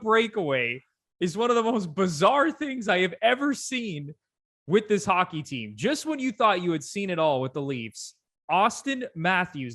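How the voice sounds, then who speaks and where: Emphatic man with a slightly high voice. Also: fairly bright tone. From Canada. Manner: emphatic, incredulous ranting. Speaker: podcast co-host. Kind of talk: casual sports podcast chat.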